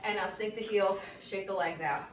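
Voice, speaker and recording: A woman's voice: medium pitch, moderate pace. Slightly breathless woman counting reps in a roomy space. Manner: counts reps and cues encouragingly while exercising. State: a little out of breath. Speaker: fitness instructor. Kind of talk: guided workout class instruction. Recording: roomy sound from a distant mic with faint noise.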